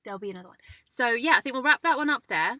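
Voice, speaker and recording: A woman's voice: on the high side, animated, rapid-fire, pushed and bright, no echo. A young woman co-hosting a casual chat in a parked car, chatty and upbeat. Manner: chatty, upbeat, wraps things up. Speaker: co-host.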